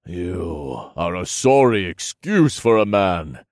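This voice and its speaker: A man's voice: low-pitched, big pitch swings, slow, darkish tone, no room sound, studio quality, heavily acted. A man voicing a determined young swordsman hero, speaking in a firm, clipped, commanding way. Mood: defiant. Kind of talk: audiobook character voice.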